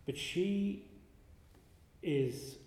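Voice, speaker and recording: A man gives a contemplative spiritual talk in a mellow, unhurried voice. He pauses often and restarts his phrases as he reflects. His words ring out with the long echo of a large room. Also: fairly high pitch, lively intonation. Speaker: speaker giving a spiritual talk. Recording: roomy hall with long reverb.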